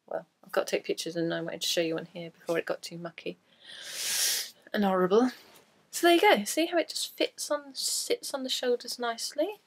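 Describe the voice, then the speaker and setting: A woman's voice: mid-range voice, a little fast. A woman hosting a crafting podcast, chatting in a rambling, self-deprecating way, with a lingering cough from a cold. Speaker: podcast host. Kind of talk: casual chat.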